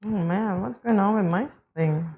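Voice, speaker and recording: A woman co-hosting a morning show, playful and exclaiming, quick to poke fun at herself. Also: mid-range voice, phone-quality sound. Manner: playful, exclaiming, self-deprecating. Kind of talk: casual studio banter.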